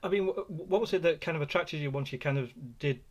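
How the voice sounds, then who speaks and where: A man's voice: on the high side, fast talker. A man from Scotland, a podcast host asking rambling questions in a casual interview.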